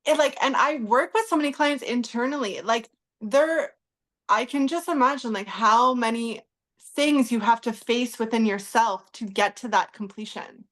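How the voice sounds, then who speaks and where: A woman's voice: a little high, normal speed. A woman hosting a podcast interview, speaking reflectively with many filler words. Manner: reflective, heavy use of "like", warm and encouraging. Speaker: podcast host.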